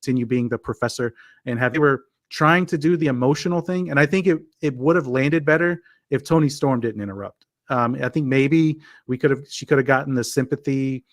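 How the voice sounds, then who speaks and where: A man co-hosting a podcast, chatting casually about wrestling in a halting way, with frequent restarts. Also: mid-range voice, dry recording, clean studio sound. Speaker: podcast co-host. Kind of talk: casual wrestling review chat.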